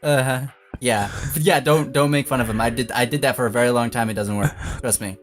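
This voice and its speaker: A young man hosting a casual advice chat, upbeat and earnest, and quick to laugh. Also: medium pitch, soft background music. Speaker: host.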